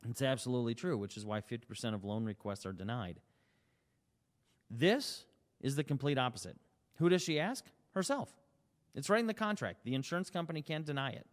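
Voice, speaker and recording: A man's voice: mid-range voice, animated, brisk, long reverb tail. A man giving an emphatic sales presentation, asking rhetorical questions and acting out short dialogues. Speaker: company CEO presenting.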